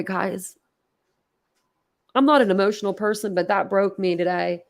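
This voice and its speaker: A woman's voice: mid-range voice, moderate pace, creaky. A woman hosting a casual livestream, talking emotionally and bluntly, rambling and swearing as she reacts. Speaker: livestream host.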